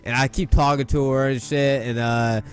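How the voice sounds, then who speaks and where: Young male gamer-storyteller, mid-pitch, boastful and profane, low music bed. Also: steady tone, moderate pace. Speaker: gaming YouTuber. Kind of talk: casual storytelling over gameplay. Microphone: gaming mic at a desk.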